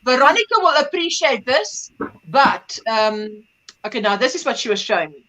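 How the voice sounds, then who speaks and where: Middle-aged woman host, bright high voice, animated chat, acts out the people in her stories. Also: moderate pace, poor audio. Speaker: livestream host. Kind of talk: casual chat.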